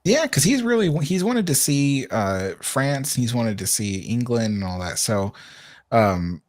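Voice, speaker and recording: Chatty man with lively pitch. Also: unhurried, no echo, studio quality. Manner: chatty, laughs often. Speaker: show regular. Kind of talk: casual group chat.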